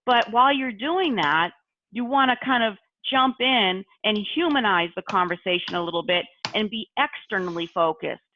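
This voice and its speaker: A woman's voice: medium pitch, lively intonation, normal speed, sharp tone, slight background noise. A woman training call intake staff on a video call, instructive and repeating key phrases. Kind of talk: online training session. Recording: tinny video-call audio, dry.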